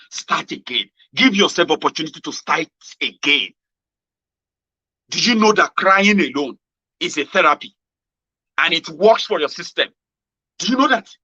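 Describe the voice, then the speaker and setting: Nigerian man, animated monologue, fairly high voice, bright tone, dull lo-fi recording. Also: no echo. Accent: Nigerian, with Pidgin. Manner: animated, swings from loud exclamations to low murmurs. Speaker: political commentary host. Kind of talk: casual motivational monologue. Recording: dull lo-fi sound.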